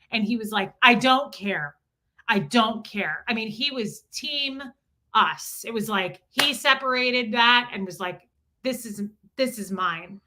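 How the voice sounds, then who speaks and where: A woman co-hosting a live stream, telling a personal story in an earnest, animated way that repeats itself. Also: fairly high pitch. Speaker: co-host.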